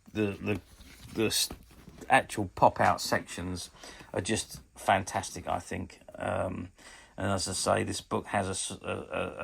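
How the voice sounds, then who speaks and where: A man's voice: sits low, gravelly, fairly bright tone, slightly rough. A man in his fifties giving a chatty, hesitant show-and-tell review of a collectable toy book. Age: 50s. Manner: chatty and hesitant, often pausing with ums.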